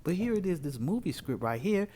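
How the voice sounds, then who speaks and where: A man's voice: a little high, sing-song, quick pace, warm tone, slight background noise. A man, preaching informally and emphatically, often stopping to ask rhetorical questions. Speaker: religious commentator.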